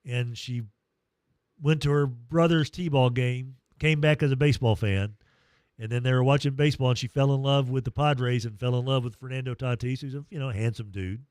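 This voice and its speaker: A man hosting a morning sports radio show, telling stories in a lively, emotional, self-deprecating way into a studio mic. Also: medium pitch, moderate pace, clear, resonant tone, dry recording. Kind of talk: casual morning radio chat.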